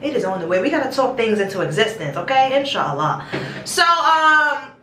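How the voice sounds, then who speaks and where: A young woman with a mid-range voice, big pitch swings, and a fast delivery vlogs casually from a small bathroom, rambling fondly to her viewers, whom she calls her babies. The echoey recording, made with a distant mic, carries background noise.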